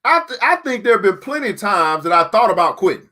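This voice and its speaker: A man teaching a motivational class in an emphatic, preacher-like way, repeating key lines slowly and speaking straight to his listeners. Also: sits high, very animated, bright, forceful tone. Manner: addresses listeners directly as beautiful people. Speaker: teacher and book club host.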